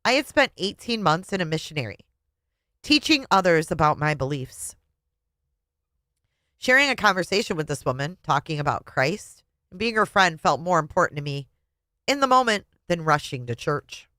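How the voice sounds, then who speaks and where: A woman's voice: low-pitched, normal speed, dry recording. A woman reading a memoir aloud with feeling and adding her own commentary as a reviewer. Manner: expressive, emotional reading. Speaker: book reviewer.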